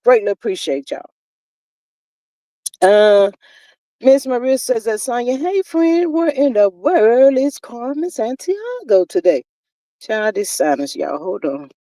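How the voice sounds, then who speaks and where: A woman's voice: a little high, takes it slowly, no room sound, poor audio. A woman hosting a casual livestream, reading out chat comments with sass, calling people honey and child, a little stuffy from her sinuses. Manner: sassy, animated, drawls terms like honey and child. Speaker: livestream host.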